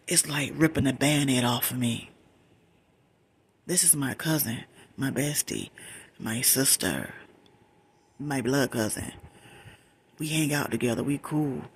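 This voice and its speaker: A middle-aged woman telling a personal story in a soft, breathy whisper, emphatic and conversational, repeating words for stress. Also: a bass voice.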